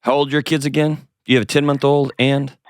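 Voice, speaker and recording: Male advice host: blunt, coaching, middle pitch, dry close mic. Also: flat delivery, a little fast, clear, resonant tone, no echo. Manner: direct, coaching, playful asides. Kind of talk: advice call-in show.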